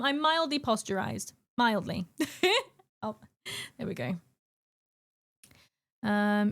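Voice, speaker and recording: A young woman with a high voice streams from her home desk mic, chatting and giggling with viewers. She greets people by name and slips into soft baby talk for her cat. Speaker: live streamer. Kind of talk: casual chat with stream viewers.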